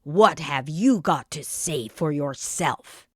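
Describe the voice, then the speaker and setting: A woman's voice: deep voice, animated, slow pace, fairly bright tone, husky, no room sound, clean studio sound, voice pushed down, exaggerated voice. A woman voicing an angry male father bear from a children's storybook, growling and scolding.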